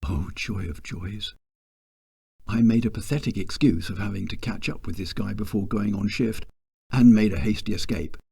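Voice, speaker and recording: A man's voice: on the low side, moderate pace, gravelly, mellow, slightly rough. A man telling a first-person story with wry, self-deprecating humor.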